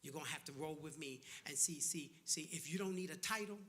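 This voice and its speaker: A man voicing his older mentor pastor, who speaks solemnly and gives low-key instruction. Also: a little fast, a bit bright, natural voice. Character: older male mentor pastor, grave and steady.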